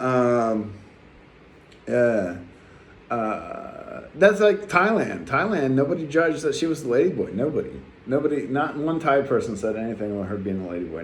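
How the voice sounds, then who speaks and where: A man's voice: medium pitch, slight background noise. A man past his youth, talking bluntly in a rambling travel vlog full of fillers and restarts. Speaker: travel vlogger. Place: his apartment.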